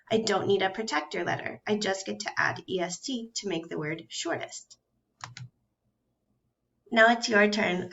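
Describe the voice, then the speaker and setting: A woman teaching a recorded first grade reading and grammar lesson, speaking slowly and clearly and sounding out letters one at a time with patience. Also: mid-range voice, a bit bright, dull audio. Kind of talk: recorded phonics and grammar lesson for young children.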